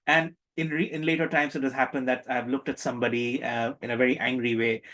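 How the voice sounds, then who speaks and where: A man's voice: medium pitch, little pitch movement, fast, a bit bright, low-quality recording. A man teaching a spiritual workshop, joking, stressing his points hard and getting the audience to join in. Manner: playful, joking, emphatic, engages the audience. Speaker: meditation workshop instructor. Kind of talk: interactive spiritual workshop talk.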